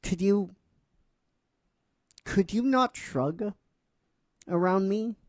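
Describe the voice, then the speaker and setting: A soft-spoken young woman with a gentle, caring manner, halting now and then as she reassures someone, put on by a male storyteller. The voice sits slightly raised, with a slow and unhurried delivery. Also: high-pitched, no room sound, clean studio sound, voice pushed up.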